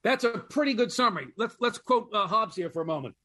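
A man with a notably high-pitched voice speaks as a guest historian on a radio interview. He explains with earnest emphasis, leaning into his key points. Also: animated, fast talker, pushed and bright.

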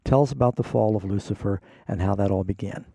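A pastor co-hosting a call-in Bible show, explaining verses patiently and reading them aloud with careful emphasis. His voice is gravelly and dark, recorded close and dry. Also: fairly low pitch, a little fast, no echo. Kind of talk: call-in radio Bible answers.

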